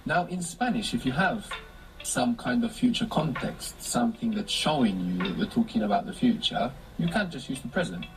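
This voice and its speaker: A man's voice: medium pitch, sing-song, normal speed, over music, poor audio. A man teaching a language lesson, patiently explaining step by step and prompting his student with questions.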